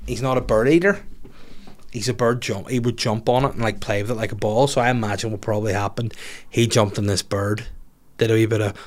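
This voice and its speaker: A man hosting a podcast, telling a rambling comic story with lots of swearing. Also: fairly low pitch. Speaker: podcast host.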